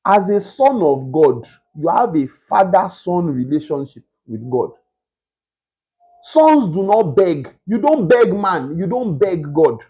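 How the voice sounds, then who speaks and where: A man preaching a sermon, emphatic and repetitive, with a husky voice. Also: high-pitched, very animated, slow, dark tone, lo-fi sound. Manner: emphatic, repetitive, mimics beggars in a whiny voice.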